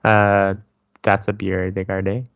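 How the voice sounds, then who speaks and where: A man's voice: sits low, monotone, takes it slowly, vocal fry, fairly bright tone, no echo. A man co-hosting a podcast in casual chat, knowledgeable, with a dry joking manner. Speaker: podcast co-host.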